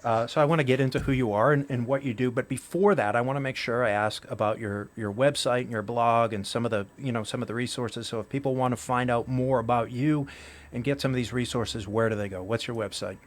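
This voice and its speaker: A man's voice: mid-range voice, brisk. A man hosting a casual interview who rambles a little and asks his guest questions. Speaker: podcast host.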